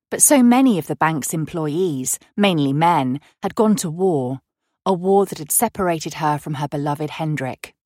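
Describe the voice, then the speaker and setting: Woman audiobook narrator, low voice, dry close recording, measured reading. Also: no room sound. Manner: measured, even storytelling. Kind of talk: scripted narration.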